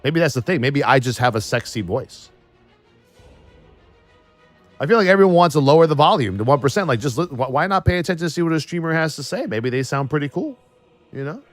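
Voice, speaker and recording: A man's voice: on the high side, expressive, very fast, no room sound, soft background music. A man streaming live and riffing in a casual, profane and sarcastic way.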